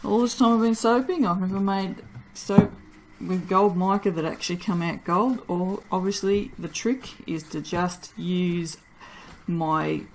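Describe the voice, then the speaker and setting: A woman's voice: fairly low pitch, slight background noise. Tired, chatty woman soap maker. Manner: chatty, self-mocking, laughs often. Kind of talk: casual vlog chat while working.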